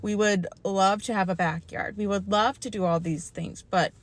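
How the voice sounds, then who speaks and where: A woman's voice: mid-range voice, fairly even intonation, normal speed. A young adult woman venting heatedly into her phone, swearing often as she complains. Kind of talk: angry vlog rant.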